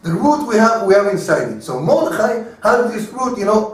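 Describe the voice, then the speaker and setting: A rabbi with a Hebrew accent teaches an informal class in English, stopping and repeating words as he hunts for terms and chuckling often. His male voice sits a little high. He sounds far from the mic in a very echoey room. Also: sing-song, moderate pace, few pauses. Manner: chuckles often while explaining. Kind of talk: informal Torah lecture.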